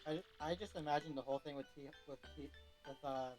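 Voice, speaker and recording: A man's voice: on the high side, fairly even intonation, quick pace, a little mellow, soft background music. A man chatting casually on a game stream, stumbling and repeating words.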